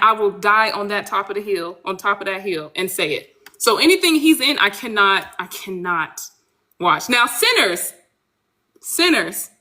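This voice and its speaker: Animated blunt woman author, bright voice. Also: mid-range voice. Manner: animated, blunt, swears freely. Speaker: author guest. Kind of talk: casual podcast chat.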